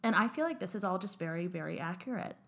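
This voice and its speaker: A woman's voice: fairly low pitch, animated, fast, a bit bright. Chatty young woman co-hosting. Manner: chatty, swears casually, laughs often. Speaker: podcast co-host. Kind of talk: casual chat.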